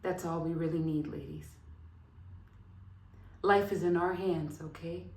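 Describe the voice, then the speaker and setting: A woman hosting a casual self-help vlog, talking straight to her viewers with lively, affirming energy and frequent laughter. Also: fairly low pitch, unhurried. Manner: animated, laughs often, affirming. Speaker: vlog host. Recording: roomy echo.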